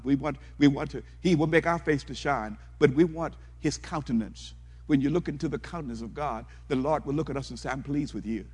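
A man with a fairly high, slightly breathy voice preaches a fervent sermon, repeating himself and asking the congregation questions before moving into prayer. A long hall reverb fills the recording.

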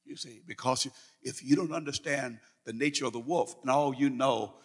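A man's voice: mid-range voice, normal speed, husky, big-room sound. A man preaching a sermon as pastor, talking conversationally and often checking in with the congregation. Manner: conversational preaching, frequent "you follow?" check-ins.

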